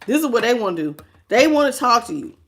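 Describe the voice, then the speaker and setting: A woman's voice: a little high, very animated, quick pace, a bit bright. A woman doing a tarot reading to camera, sassy and emphatic, often laughing as she talks. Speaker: tarot reader.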